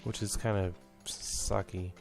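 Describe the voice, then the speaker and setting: Rambling young man with a low voice. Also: level tone, slow pace, creaky, soft background music. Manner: rambling, reminiscing, full of fillers and restarts. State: a bit out of breath. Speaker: let's play host. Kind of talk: rambling gameplay commentary.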